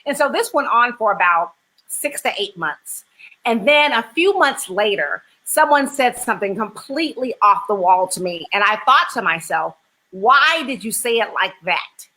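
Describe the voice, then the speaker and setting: A woman's voice: on the high side, animated, moderate pace, pushed and bright, rough recording. A woman hosting an interview, talking in an earnest, reflective way. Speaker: host. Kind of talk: casual interview chat.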